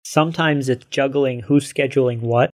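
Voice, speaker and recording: A male college instructor calmly explaining the course he co-teaches, in a measured conversational way. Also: mid-range voice. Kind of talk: casual conversation.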